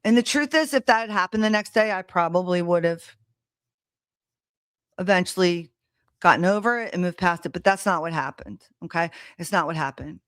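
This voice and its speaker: A woman's voice: lowish voice, normal speed, a bit bright, no echo, clean studio sound. A woman hosting a live stream, telling a personal story in a blunt, heated, casual way, swearing freely. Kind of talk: casual monologue to a live audience. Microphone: streaming setup mic.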